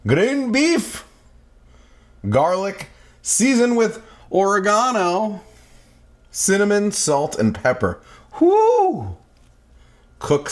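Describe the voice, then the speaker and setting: A man in his forties cooking in his home kitchen, joking to himself and breaking into playful sing-song shouts. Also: medium pitch. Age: 40s. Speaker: cooking vlogger. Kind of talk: goofy home cooking vlog. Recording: faint kitchen noise, sizzling pan.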